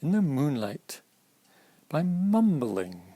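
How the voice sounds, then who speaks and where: Slow, gentle man reading a picture book. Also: fairly high pitch, very animated, no echo. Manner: slow, explaining pictures to young listeners. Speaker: storytime reader. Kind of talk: children's picture-book read-aloud.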